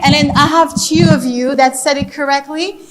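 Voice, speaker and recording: High-voiced woman teaching like a classroom teacher. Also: moderate pace, over a noisy crowd, very noisy. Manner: animated, teacherly, repeats words for emphasis. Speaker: speaker teaching pronunciation. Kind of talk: interactive classroom-style talk. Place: conference hall.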